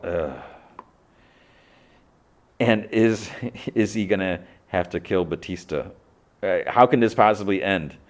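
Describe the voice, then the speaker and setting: A man hosting a podcast, casually recapping TV episodes and quoting characters in a low, muted voice. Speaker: podcast host.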